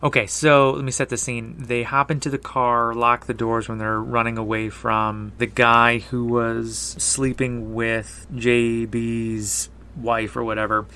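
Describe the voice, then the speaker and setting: Podcast co-host, male, bright tone, hesitant delivery full of fillers. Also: mid-range voice, little pitch movement, a little hiss or hum. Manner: halting, lots of "like" and restarts. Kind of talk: casual chat.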